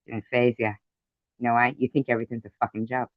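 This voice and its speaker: Talking fast in a medium-pitched, level voice, a man rants angrily with plenty of profanity in his commentary vlog. He's indignant and repetitive. The sound is dull and lo-fi, without any room sound.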